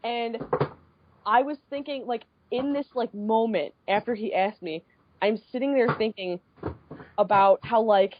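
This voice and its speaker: A young woman in her twenties, co-hosting a podcast and telling a story in casual chat, animated and peppered with swearing and fillers. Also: on the high side, measured pace, noisy background. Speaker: podcast co-host. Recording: dull lo-fi podcast audio.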